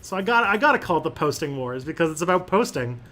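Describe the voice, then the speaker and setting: A man's voice: on the high side, sing-song, fast, sharp tone. A man hosting a casual livestream and answering chat questions, rambling with lots of fillers and restarts.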